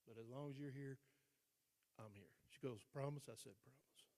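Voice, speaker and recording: Older male speaker, mid-pitched voice, storytelling to an audience, reverberant hall. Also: moderate pace. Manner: storytelling, acting out dialogue, dropping to quiet emphasis. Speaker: guest speaker. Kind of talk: motivational storytelling speech. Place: large hall.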